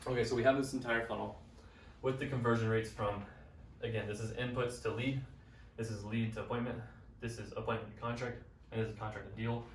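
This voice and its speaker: Young male coach, casual slangy teacher, lowish pitch, recorded off-mic in an echoey room. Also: level tone, brisk. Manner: casual, upbeat, slangy explaining. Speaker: business coach. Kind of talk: whiteboard business lesson. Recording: roomy, from a distance, faint noise.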